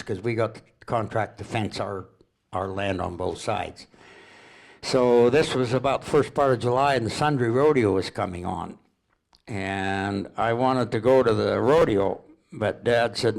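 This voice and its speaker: Gravelly older man telling stories. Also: on the low side. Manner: rambling, unhurried, with chuckles and restarts. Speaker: local storyteller. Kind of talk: folksy storytelling at a public presentation.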